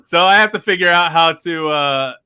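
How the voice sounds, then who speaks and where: A man's voice: on the high side, normal speed, bright, forceful tone, clear, resonant tone, no echo, studio quality. A man hosting a casual podcast chat, rambling and laughing often as he talks. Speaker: podcast host.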